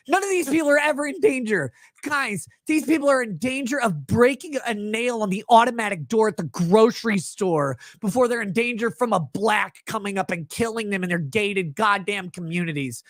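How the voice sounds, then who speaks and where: A host reacting to clips delivers a profane, angry, mocking rant at a moderate pace, his voice swinging from shouts to low mutters. The sound is dry and close, with no room around it and no echo.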